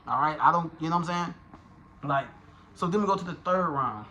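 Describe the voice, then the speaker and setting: A man giving a casual, profane, animated review of a rap battle, talking in slang and restarting his sentences often. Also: a little high, fairly quick, highs cut off, a little hiss or hum. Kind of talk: casual commentary.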